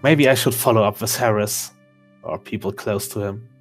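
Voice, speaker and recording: A man narrating his character in first person as a player in a story game, halting and often restarting sentences. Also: on the low side, faint music behind.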